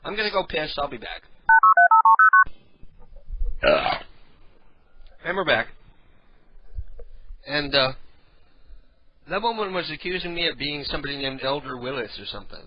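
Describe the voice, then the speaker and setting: A man's voice: lively intonation, a little slow, pauses often, highs cut off, slight background noise. A man hosting a late-night show, rambling casually and irreverently to his chat room. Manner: rambling, irreverent, low-key. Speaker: radio show host.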